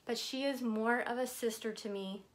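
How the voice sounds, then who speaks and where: A woman's voice: on the high side, fairly even intonation, normal speed. A woman in her fifties unboxing gifts on a vlog, gushing and laughing often as she talks. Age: 50s. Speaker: vlogger. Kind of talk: casual unboxing chat.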